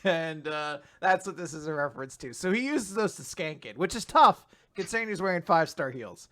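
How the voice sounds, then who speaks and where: A man's voice: fairly high pitch, animated, brisk, pushed and bright. A man co-hosting a podcast, recapping in casual chat, laughing often and swearing as he quotes scenes. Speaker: podcast co-host.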